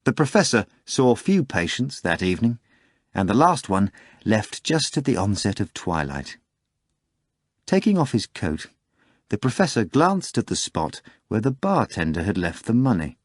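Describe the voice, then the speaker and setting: A man narrating an audiobook in measured storytelling style. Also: on the low side, big pitch swings, no room sound, studio quality.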